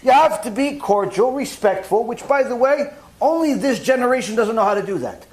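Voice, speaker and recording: A man, a rabbi, giving a lively sermon and acting out little scenes with mock dialogue. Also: very high-pitched, brisk. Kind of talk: sermon lecture.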